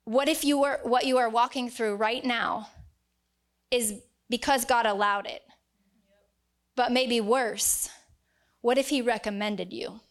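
A woman's voice: fairly high pitch, fairly even intonation, measured pace, pauses often. A woman preaching a sermon to a congregation, earnest and emphatic, reading scripture aloud. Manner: earnest, emphatic, acts out quoted voices.

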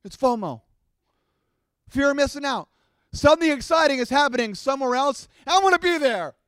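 A middle-aged man preaching a sermon to his congregation, animated and acting out the voices of his listeners. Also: very high-pitched, moderate pace, no echo, studio quality. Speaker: pastor.

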